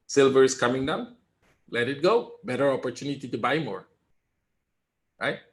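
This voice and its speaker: A man giving live trading commentary in a webinar, calm and reassuring, repeating his points and often asking "right?". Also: medium pitch, moderate pace, gravelly. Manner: emphatic, talks straight to viewers. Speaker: trader teaching a webinar.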